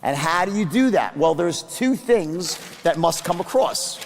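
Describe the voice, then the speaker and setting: Animated man lecturing in an echoing hall. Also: on the high side, unhurried, creaky, a little hiss or hum. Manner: emphatic, animated, quizzes the audience. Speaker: seminar speaker. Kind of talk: live sales seminar talk.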